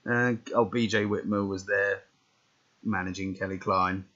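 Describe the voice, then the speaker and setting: A man's voice: low-pitched, steady tone, a little slow, pushed and bright. A man casually commentating a wrestling management game, reading out results with rambling muttered asides. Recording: dull lo-fi recording.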